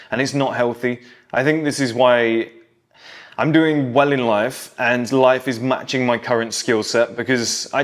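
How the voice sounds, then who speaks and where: Man, thirties, mid-pitched voice, casual monologue, nostalgic storytelling, talks straight to young men. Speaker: self-improvement creator.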